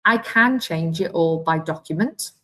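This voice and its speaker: A woman with a Welsh accent giving a live online software demonstration as a teacher trainer, chatty and thinking aloud as she clicks through. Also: deep voice, unhurried, low-quality recording. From Wales.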